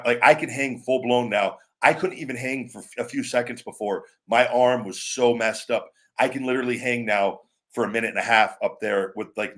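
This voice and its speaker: A man's voice: medium pitch, a bit bright. A man hosting a live show, talking casually in a rambling way with many restarts and asides to viewers. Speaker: show host. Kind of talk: casual live-stream chat.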